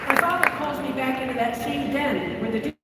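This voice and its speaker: A woman's voice: sits high, fairly quick, a loud crowd. A woman in her seventies from Florida, giving a dramatic storytelling speech on stage at a convention, vivid and theatrical. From Florida, USA. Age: 70s. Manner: theatrical, vivid, acts out voices. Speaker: keynote speaker. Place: large convention hall, on stage. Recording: echoey hall, distant mic, room noise.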